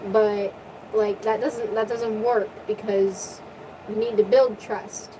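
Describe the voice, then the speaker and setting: A woman quoting a hesitant male smith god who explains things haltingly. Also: mid-range voice, steady tone, distant mic, background noise, lightly acted.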